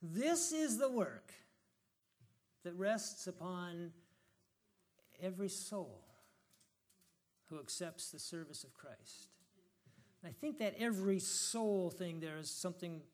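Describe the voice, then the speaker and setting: High-voiced man preaching casually. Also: normal speed, darkish tone. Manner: reflective, conversational, reads scripture with rising emphasis. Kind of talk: informal sermon with scripture reading.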